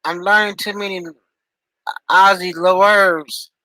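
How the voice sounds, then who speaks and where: Bright, high-voiced man streaming live. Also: steady tone, slow, no room sound, poor audio. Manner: loose, joking, talks to chat by name. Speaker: live streamer chatting with viewers. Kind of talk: casual live-stream chat. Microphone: headphones with mic.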